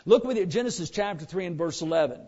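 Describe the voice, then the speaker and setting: A high-voiced man with a drawl preaches with lively, joking energy, slipping into mocking voices of complainers. The recording sounds a bit dull and lo-fi. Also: fast talker. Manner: animated, joking, mimics complainers. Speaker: pastor. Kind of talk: sermon.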